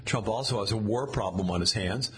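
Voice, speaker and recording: A man's voice: fairly low pitch, a little fast, slight background noise. A man narrating a satirical story in a sardonic, mocking way.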